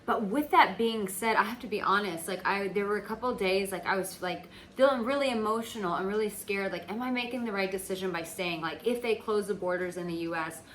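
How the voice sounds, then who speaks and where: A woman's voice: mid-range voice, brisk, hardly any pauses, fairly bright tone, slight background noise, low-quality recording. A woman from the United States, a dating coach, talking casually and emphatically to her audience, swearing freely and filling her speech with "like.". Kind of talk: casual talk to camera.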